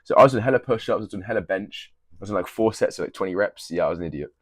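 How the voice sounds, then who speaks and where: A man's voice: deep voice, racing, no echo. Blunt, swearing young man. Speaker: fitness creator. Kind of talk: casual gym tips to camera.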